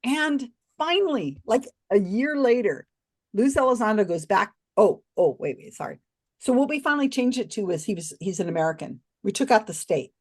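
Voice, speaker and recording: A woman guest on a podcast, telling a story expressively with many restarts and asides. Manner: expressive, swings pitch widely when recounting others; talks in quick restarts and asides. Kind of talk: animated storytelling in a casual interview.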